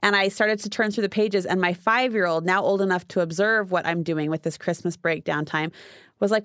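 A woman podcast host with a mid-pitched voice, chatty and warmly affirming with her guest. Her voice sounds dry and close to the mic. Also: brisk, no echo. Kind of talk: interview conversation.

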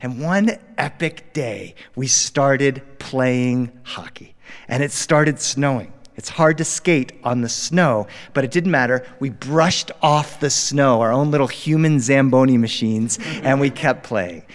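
A middle-aged man from Delaware telling a story live to a studio audience, animated and playful. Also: mid-range voice, unhurried. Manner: animated, warm, playful, acting out characters. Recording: long reverb in a studio hall.

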